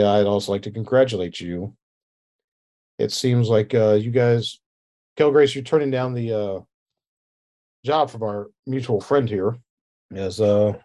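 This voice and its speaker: A man's voice: medium pitch, warm tone, natural voice. A man voicing a gracious scheming noblewoman. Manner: gracious and formal.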